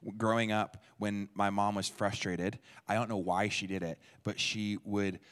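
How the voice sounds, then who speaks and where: A man leads a church teaching session in a relaxed, conversational way, asking questions and echoing back what people answer. His voice sits low. The sound carries a long reverb from a large hall. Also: moderate pace. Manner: conversational, quizzes the audience and repeats their answers. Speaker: speaker at a church. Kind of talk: interactive teaching talk.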